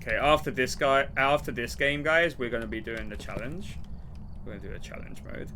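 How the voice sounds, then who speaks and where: A young man streaming a game, rambling and laughing as he plays, now and then shouting. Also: medium pitch, a little fast, slight background noise. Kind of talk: casual gameplay commentary.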